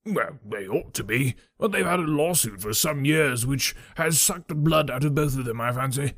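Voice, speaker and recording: A male reader playing a bluff retired colonel over sixty, brisk and matter-of-fact. His voice has a husky grain, recorded dry and close. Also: mid-range voice, lively intonation, fairly bright tone, no room sound. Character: bluff old retired army colonel, hearty country gent. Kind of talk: audiobook character reading.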